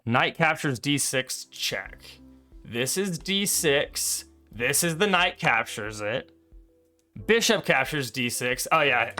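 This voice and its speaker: A man's voice: medium pitch, lively intonation, takes it slowly, bright, forceful tone, soft background music. A man casually calling out chess moves while replaying a game, joking, laughing often and swearing. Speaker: co-host reviewing his chess game. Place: streaming setup.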